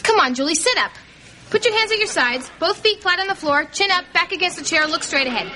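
An actress playing a bossy older sister who coaches her sibling with quick, teasing wisecracks. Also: very high-pitched, expressive, pushed and bright, some chatter behind, a little hiss or hum, heavily acted. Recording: sitcom audio with studio laughter.

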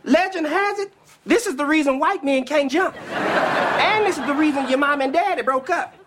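An actor playing a loud, boastful, eccentric older uncle, rambling and bragging. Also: male voice, very high voice, normal speed, very noisy. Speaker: sitcom character. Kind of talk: studio sitcom acting. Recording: loud studio audience laughter.

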